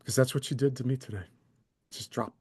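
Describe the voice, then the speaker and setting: A man's voice: medium pitch, brisk, husky. A man in his thirties, a channel host, delivering an angry, sarcastic, profane solo rant to camera into a desk microphone. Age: 30s. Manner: heated, sarcastic, profane, very animated.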